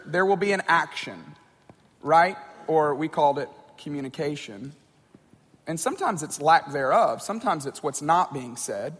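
Speaking to a group in a large hall, a man gives an informal, conversational talk, often repeating words and checking in with his listeners. His voice is high and a bit bright.

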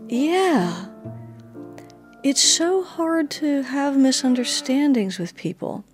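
A woman's voice: high-pitched, lively intonation, slow, over music. A woman being interviewed, telling her own story with animation and acting out the dialogue she recounts. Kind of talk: personal storytelling.

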